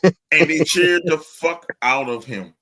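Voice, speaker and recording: A man's voice: on the high side, slow pace, bright, forceful tone. A man co-hosting a podcast in casual chat, ranting with lots of swearing and frequent laughter. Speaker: podcast co-host.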